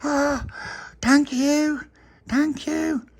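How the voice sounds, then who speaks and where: A man voicing an excitable little boy in a spoken bedtime story, in a high squeaky childlike voice. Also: very slow, exaggerated voice. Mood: excited. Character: excitable little boy who owns the boat.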